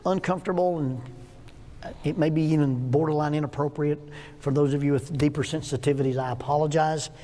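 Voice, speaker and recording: A man in his sixties gives a church lesson in a folksy, joking way, with stories and questions for his listeners. His voice sits a little high for a man. The sound carries a long echo from a large hall. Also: steady tone, fairly quick, dark tone. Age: 60s. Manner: folksy, joking storyteller asking the audience questions. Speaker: teacher.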